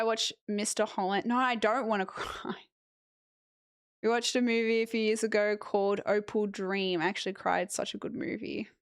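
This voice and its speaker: Unhurried Australian woman chatting on stream. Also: on the high side, clear, resonant tone, no echo, clean studio sound. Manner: chatty, reacting aloud while reading chat. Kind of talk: casual live-stream chat.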